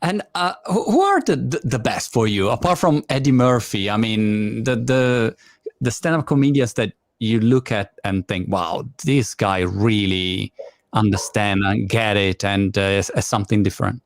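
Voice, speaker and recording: Halting male interviewer in a dry sound. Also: lowish voice, no room sound. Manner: halting, repeats words while asking. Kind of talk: casual interview questions.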